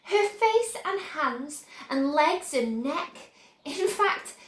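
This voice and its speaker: A woman reading a children's book aloud, slow and expressive. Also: high voice, reverberant. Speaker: storyteller.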